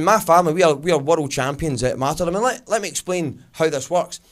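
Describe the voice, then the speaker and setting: Glaswegian man doing stand-up. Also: on the high side. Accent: Glaswegian Scottish. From Scotland. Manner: storytelling with quick put-on family voices. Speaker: stand-up comedian. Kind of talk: stand-up comedy set. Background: audience laughter.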